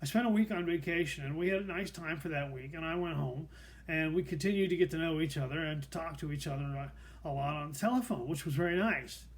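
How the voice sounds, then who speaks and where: A man's voice: fairly high pitch, fast talker. A middle-aged man hosting a show, telling a personal story in a dry, wry, self-deprecating way. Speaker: host.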